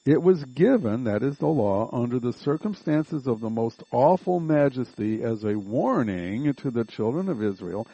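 A man's voice: medium pitch, expressive, moderate pace, few pauses, warm tone, slightly rough, no echo, dull audio. A man teaching a Bible study lesson, reading passages aloud and methodically rephrasing and rereading them to explain them.

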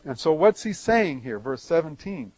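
Male preacher, fairly high voice, dry close sound, reads a verse then explains it, leans hard on key words and drops quiet. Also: sing-song, normal speed, dry recording, low-quality recording. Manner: emphatic swings in loudness. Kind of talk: verse-by-verse Bible teaching.

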